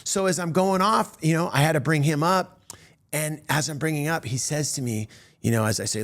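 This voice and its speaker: A male stand-up comedian telling a story as an animated, self-mocking monologue, full of restarts and fillers. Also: fairly high pitch, normal speed.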